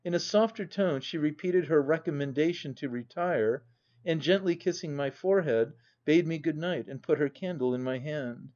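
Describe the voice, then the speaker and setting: A man narrating a classic novel as a volunteer audiobook reader, in an even, measured reading, on a dull lo-fi recording. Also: a little high.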